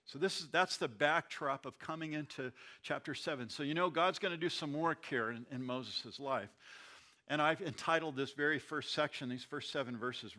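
A pastor walks his congregation through a Bible passage in a bright, forward voice. He often repeats a word or restarts a phrase as he explains. The delivery is conversational teaching. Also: a little high, moderate pace. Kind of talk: Bible study sermon.

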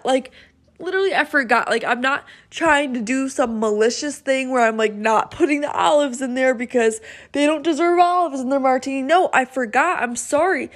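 A young woman hosting her own podcast, telling a story in a chatty, animated way and often checking in with "okay?". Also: high-pitched, moderate pace. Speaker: podcast host. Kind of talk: casual storytelling monologue. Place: home, seated in a noisy chair.

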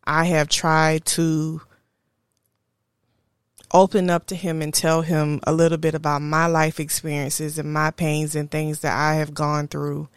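A woman speaks in a low, unhurried voice, pausing to think as she shares something personal. The sound is close and dry, with no room around her. She is candid and reflective as she hosts her own podcast. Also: monotone, clear, resonant tone, no echo. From Houston, Texas area. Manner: slow, reflective, candid storytelling. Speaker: podcast host. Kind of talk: personal monologue.

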